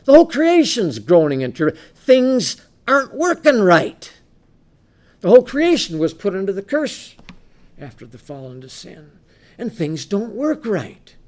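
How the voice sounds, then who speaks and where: Man preaching, lively swooping voice, fairly high, rhetorical questions, loud then quiet asides. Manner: animated, rhetorical questions, shifts between loud reading and low asides; reads scripture in slow, emphatic tones. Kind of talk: sermon with scripture reading.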